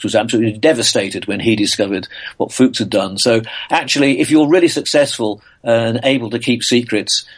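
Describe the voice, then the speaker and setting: An older man from England, a physicist guest, answering interview questions in a thoughtful way, full of pauses, uhs and restarts. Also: fairly low pitch.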